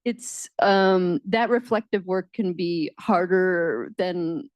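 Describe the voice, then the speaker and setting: American woman, reflective writer, mellow warm tone, dry close recording. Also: fairly low pitch, fairly even intonation, takes it slowly, no echo. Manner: reflective, lots of soft backchannel murmurs. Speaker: writer and co-teacher at a panel talk. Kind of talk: casual onstage conversation.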